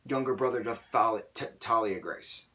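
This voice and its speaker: A young man reviewing a book in a casual vlog, rambling and excitable, often stammering and restarting. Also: mid-range voice, moderate pace, distant mic.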